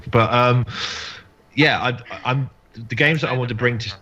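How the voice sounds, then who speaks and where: A man's voice: mid-range voice, normal speed, pushed and bright, highs cut off. A man from Essex with an Essex accent, a guest on a casual podcast, joking playfully and rambling in slang. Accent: Essex English. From Essex, England. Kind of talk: casual chat.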